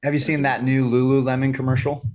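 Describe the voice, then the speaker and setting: A male podcast host conducts a casual interview, asking questions in a friendly, chatty manner. His mid-range voice is delivered flatly and fast, with a darkish tone.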